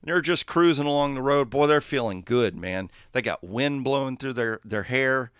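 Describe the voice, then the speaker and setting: A man hosting a livestream, telling a joke and chatting casually in a relaxed, rambling way. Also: mid-range voice, normal speed, clean tone, no room sound, studio quality. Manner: relaxed, rambling, chuckling asides. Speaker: livestream host.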